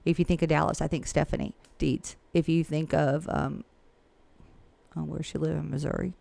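A woman's voice: sits low, flat delivery, moderate pace, vocal fry, warm tone. A woman who works as a real estate agent and coach, talking frankly and chattily in a casual interview. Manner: chatty and frank, with laughs and asides.

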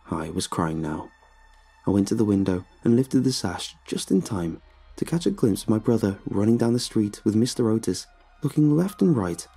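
A man's voice: lowish voice, vocal fry, warm tone, breathy edge. A man reading a horror story aloud in a tense, dramatic narration with breathless rises.

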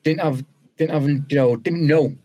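British man telling a lively story. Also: fairly high pitch, unhurried. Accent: British English. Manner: animated, acts out quoted dialogue. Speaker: podcast guest, former footballer. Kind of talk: conversational storytelling.

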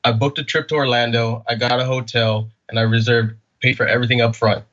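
A man's voice: mid-range voice, a little fast, muffled recording. A man from California, a podcast guest, telling a story in a casual interview and acting out the quoted dialogue. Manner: animated, acts out quoted dialogue.

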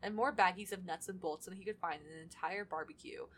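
A woman's voice: on the low side, fast talker, fairly bright tone. Chatty woman podcaster reading fan fiction. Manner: chatty, laughs often, swears casually. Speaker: podcast co-host. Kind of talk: casual chat and reading fan fiction aloud.

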